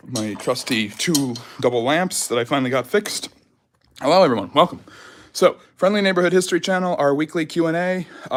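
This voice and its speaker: A man hosts a relaxed history Q&A livestream while still catching his breath from a jog. His talk rambles, with many fillers and restarts. His voice sits at an ordinary middle pitch for a man. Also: a little hiss or hum. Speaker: history channel host. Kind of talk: casual livestream Q&A chat.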